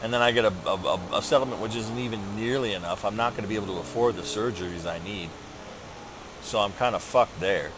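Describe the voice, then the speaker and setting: A man's voice: on the low side, quick pace, background noise. A man hosting a gaming channel, rambling through a personal update while he plays, swearing often and ranting with frustration.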